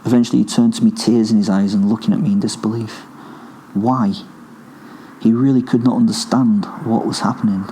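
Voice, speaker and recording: Low, dark-voiced horror storyteller. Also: male voice, fairly even intonation, a little hiss or hum, low-quality recording. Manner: menacing, profane, deliberate. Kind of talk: first-person horror story narration.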